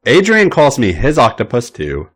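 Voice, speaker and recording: A man's voice: mid-range voice, wildly swooping pitch, normal speed, noisy background. A man voicing a cheerful, affectionate young man who teases in a sing-song way. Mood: sleepy. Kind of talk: audiobook-style read fiction.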